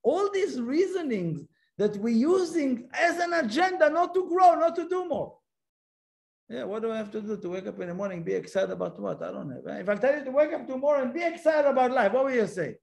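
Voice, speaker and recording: A man's voice: very high voice, very animated, a little fast, vocal fry. A man giving a spiritual class as a Kabbalah teacher, speaking emphatically, repeating himself and asking rhetorical questions.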